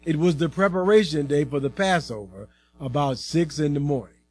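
A man giving a dramatic Bible reading, expressive in delivery. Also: a little high, normal speed. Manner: expressive, acting out the voices in quotes. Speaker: scripture reader.

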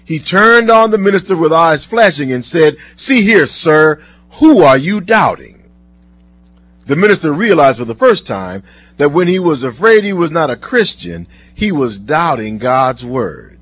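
Male preacher, husky, lively pitch, earnest sermon delivery, lo-fi sound. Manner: earnest, slowing down for scripture. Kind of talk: sermon with told stories and scripture reading. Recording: dull lo-fi recording.

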